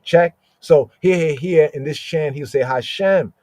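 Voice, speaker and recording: A man hosting a podcast, teaching scripture slowly and repetitively and often asking "right?" as he explains words. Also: on the high side, steady tone, warm tone, no room sound.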